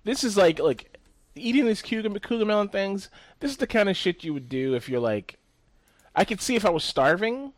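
A man's voice: high voice, big pitch swings, a little fast, no room sound. A man in casual podcast chat, rambling and profane, jumping between stories.

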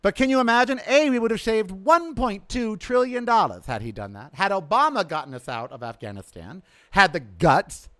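Sarcastic ranting man, lively swooping pitch. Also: normal speed, hardly any pauses. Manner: sarcastic, ranting, swings from loud to muttered. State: coughing from smoke in throat. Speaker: podcast host. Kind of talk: opinionated political monologue. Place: outdoors.

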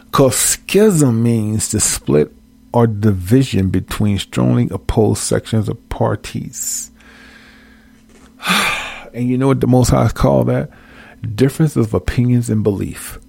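A man leading a casual online Bible study, reading verses aloud and talking to his viewers in a folksy, animated way. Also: mid-range voice, vocal fry, no echo. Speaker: Bible teacher.

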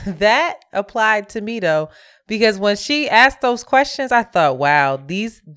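Smooth-voiced woman co-host. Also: mid-range voice, expressive, a bit bright. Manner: emphatic, playful, quick asides. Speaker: podcast co-host. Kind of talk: casual chat.

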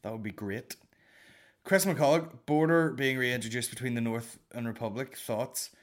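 A man's voice: medium pitch, normal speed. A man with a Northern Irish accent hosts a comedy podcast by himself, reading out listener questions. He rambles and swears freely, mocking himself as he goes. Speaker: podcast host. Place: alone in a room.

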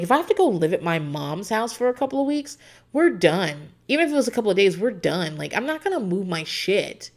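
A woman's voice: on the low side, a bit bright. A woman in her thirties, casually and opinionatedly recapping a reality show as a podcast host, rambling with plenty of fillers. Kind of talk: casual chat.

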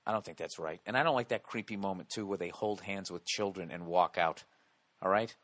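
An American man telling a comedic story and ranting, loud and animated, swearing constantly and tossing in rhetorical "okay?" asides. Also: deep voice, brisk. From United States. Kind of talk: profane comedic storytelling rant.

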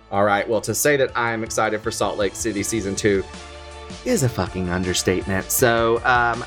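A man's voice: normal speed, faint music behind. A man hosting a podcast, chatting in a sassy, gossipy way, swearing freely. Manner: animated, sassy, swears freely, slips into shrill impressions. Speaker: podcast host. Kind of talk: casual gossip commentary.

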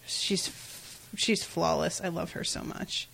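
A woman chatting casually on a podcast, animated, swearing and laughing as she acts out scenes. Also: lowish voice, takes it slowly, gravelly, breathy edge. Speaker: podcast co-host. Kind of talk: casual recap chat.

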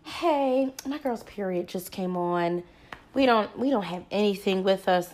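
A woman's voice: mid-range voice, animated, measured pace, a little mellow. A woman co-hosting a casual chat, talking bluntly with slang and swearing. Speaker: podcast co-host.

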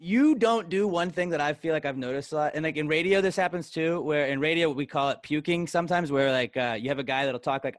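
A man's voice: on the high side, fast talker, dry recording. Dry-sounding joking male radio host. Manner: joking, acts out voices, swears freely. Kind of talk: casual podcast chat.

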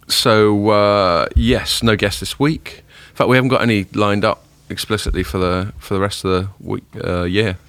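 A man hosting a podcast in casual chat, rambling and self-deprecating, a little hungover and rough-voiced. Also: on the low side, steady tone, normal speed, few pauses, fairly bright tone, no room sound. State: hungover, voice a bit deeper than usual. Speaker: podcast host.

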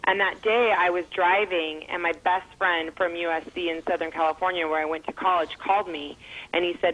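A woman's voice: fairly low pitch, fairly even intonation, a little fast, fairly bright tone, poor audio. A middle-aged woman, a guest on an interview show, telling her family's story in an earnest, emotional way with fillers. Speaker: guest, mother and foundation founder.

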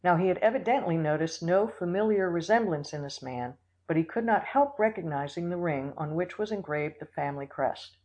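An audiobook reader narrating a classic story in a steady, measured way. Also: medium pitch, low-quality recording. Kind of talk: scripted narration.

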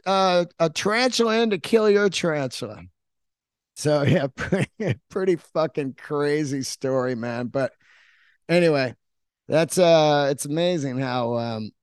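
A man's voice: medium pitch, no echo, clean studio sound. A middle-aged man telling a rambling, profane story in a casual monologue as a podcast host.

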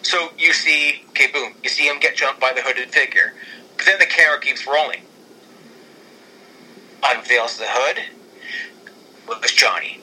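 A man in casual chat, excitedly rambling through an imagined storyline with many restarts. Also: medium pitch, normal speed, pauses often, a little hiss or hum, poor audio. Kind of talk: casual fantasy-booking chat.

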